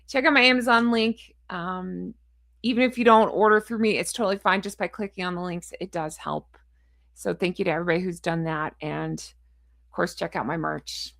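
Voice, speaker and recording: A woman's voice: fairly low pitch, steady tone, moderate pace, vocal fry, fairly bright tone, no echo, clean studio sound. A woman vlogger in casual chat to camera, frustrated, blunt and ranting, with a chatty, rambling sign-off. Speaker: royal commentary vlogger.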